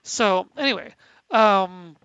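A woman's voice: medium pitch, takes it slowly, a bit bright, smooth, no room sound, rough recording. A woman from Canada co-hosting a podcast, telling a rambling story in casual chat with plenty of restarts. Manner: rambling, lots of restarts and fillers. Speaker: podcast co-host.

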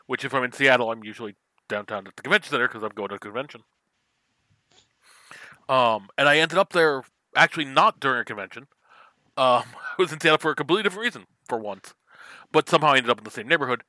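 A man co-hosts a podcast in loose, animated chat, tossing in casual swearing and sidetracks. His voice has a bright, crisp edge. The recording is dry and close. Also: mid-range voice, fast, no room sound. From US West Coast. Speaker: podcast co-host.

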